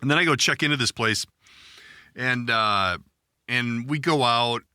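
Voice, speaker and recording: Middle-aged guy rambling through a story on his podcast, swears a lot, real bright voice, dry close sound. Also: mid-range voice, unhurried, clear, resonant tone, no echo. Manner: rambling, profane, self-deprecating storyteller. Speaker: podcast host. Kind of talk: casual storytelling chat.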